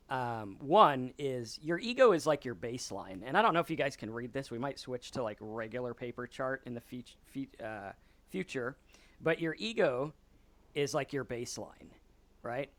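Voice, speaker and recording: A man's voice: medium pitch, a bit bright, no room sound. A man hosting a sobriety talk, explaining ideas at a whiteboard in a casual, conversational lecture style and acting out quoted voices. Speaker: podcast host.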